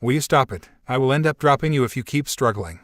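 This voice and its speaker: A short-tempered teenage rival boy who scolds sharply, as a man reads him aloud. Middle pitch, dry close recording. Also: expressive, quick pace, fairly bright tone, dry recording, natural voice. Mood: irritated. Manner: angry, scolding.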